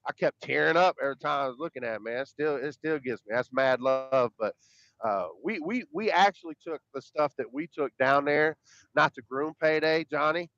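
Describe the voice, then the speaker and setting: Speaking at normal speed, this man has a slightly high, somewhat bright voice. He co-hosts a podcast with casual, rambling banter that is emphatic and profane, frequently repeating words, in dull, dry lo-fi sound.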